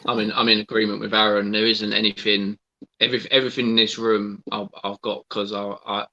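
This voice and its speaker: A man's voice: lowish voice, little pitch movement, fairly quick, pushed and bright, lo-fi sound. A man chatting as a guest, reading out comments and joining in. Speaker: guest collector. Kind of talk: casual chat.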